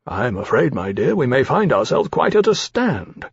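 A man voicing a grave male captain who speaks in a measured, dry, formal manner. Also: medium pitch, sing-song, gravelly, slightly rough, no room sound, full character voice. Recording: slightly dull, dry recording.

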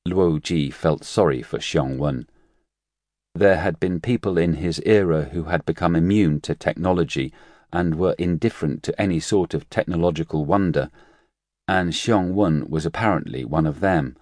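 Low-voiced man narrating an audiobook. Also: no room sound, clean studio sound. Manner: measured, even storytelling.

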